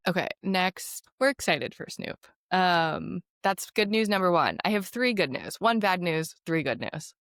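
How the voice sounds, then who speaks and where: A young adult woman co-hosting a podcast in a casual, upbeat chat, quick with asides. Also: fairly low pitch, expressive, a bit bright, no room sound, clean studio sound. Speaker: podcast co-host.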